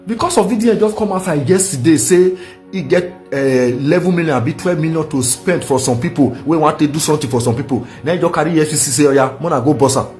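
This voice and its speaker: A man's voice: on the high side, fast talker, darkish tone, faint music behind. A Nigerian man speaking in Nigerian Pidgin, delivering a defiant, scolding political rant with many repeated phrases. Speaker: protester.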